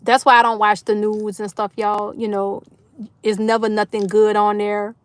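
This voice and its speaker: A woman's voice: medium pitch, monotone, moderate pace, no echo. A woman hosting a casual livestream, emotionally thanking her viewers by name and tearing up with joy. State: tearful. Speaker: livestream host.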